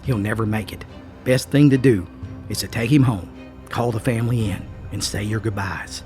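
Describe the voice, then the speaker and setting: A man's voice: lowish voice, moderate pace, darkish tone, faint music behind, natural voice. A man doing a blunt country doctor. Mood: grim. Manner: blunt, matter-of-fact.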